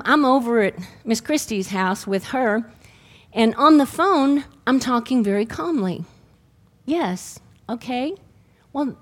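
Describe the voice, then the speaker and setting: A middle-aged woman, preaching a sermon and telling her own healing testimony in a lively storytelling way. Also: on the high side.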